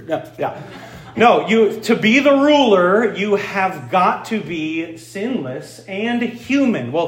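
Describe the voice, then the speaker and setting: A man preaching a sermon as pastor in a church, engaging and quizzing his congregation with questions. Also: sits high. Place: church sanctuary. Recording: echoey room.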